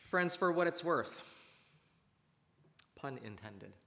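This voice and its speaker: A male pastor preaching in a conversational, animated way, full of rhetorical questions. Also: on the high side, slow, creaky, big-room sound. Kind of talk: sermon. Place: church sanctuary.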